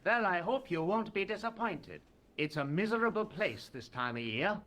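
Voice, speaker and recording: A jovial ticket inspector. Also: male voice, sits high, lively intonation, normal speed, a bit bright. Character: chatty British train ticket inspector.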